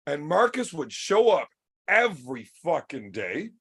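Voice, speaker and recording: Gravelly, profane Canadian man telling stories. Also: on the high side, very animated, unhurried, a bit bright. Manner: profane, boisterous, rambling anecdotes. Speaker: podcast co-host, arm wrestler. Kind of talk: casual podcast storytelling.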